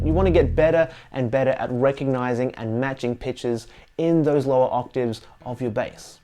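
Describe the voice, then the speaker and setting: A man teaching bass in an easygoing, chatty way, singing notes to show how they sound. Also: normal speed. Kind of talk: instructional music lesson. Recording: loud bass guitar playing behind the voice. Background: bass guitar.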